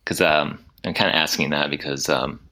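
A man co-hosting a podcast, chatting casually and hesitantly with many pauses. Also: very deep voice, fairly even intonation, pushed and bright. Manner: hesitant, lots of ums. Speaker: podcast co-host. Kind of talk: casual chat.

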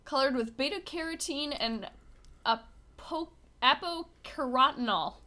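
A woman's voice: high voice, animated, a little slow, pushed and bright. A woman co-hosting a casual podcast, chatting and teasing while she reads ingredient lists aloud. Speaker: podcast co-host. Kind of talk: casual chat.

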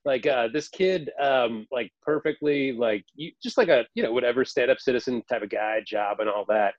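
A man chatting casually on a podcast, telling stories in a rambling way, full of fillers and sudden jumps in pitch. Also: normal speed, no echo, muffled recording. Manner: rambling, filler-heavy, animated storytelling.

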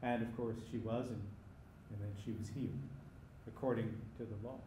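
A man preaching a sermon, emphatic, sometimes rising to loud cries. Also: lowish voice, steady tone, moderate pace, echoey room, a little hiss or hum.

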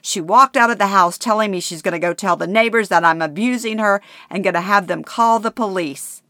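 A woman's voice: mid-range voice, brisk, pushed and bright, no echo, studio quality, voice pushed up. A woman voicing a frantic elderly husband who is rattled and panicking.

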